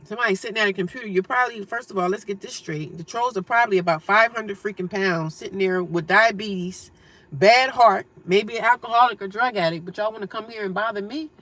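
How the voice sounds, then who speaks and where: A woman chatting on a phone live stream from her car, reading comments out loud. She answers trolls bluntly and sarcastically in a bright, forward voice. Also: mid-range voice, fairly quick. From United States. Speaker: livestreamer reading viewer comments. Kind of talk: casual live-stream chat.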